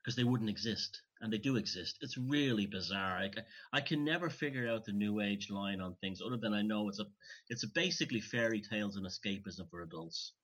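A man in casual conversation, emphatic and opinionated, pausing and restarting as he thinks. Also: on the low side, a bit bright, husky. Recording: dull lo-fi recording.

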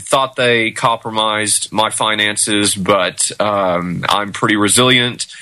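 A man as a show guest, talking earnestly and haltingly with fillers. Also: lowish voice, pushed and bright, dry recording, rough recording. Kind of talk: casual interview talk.

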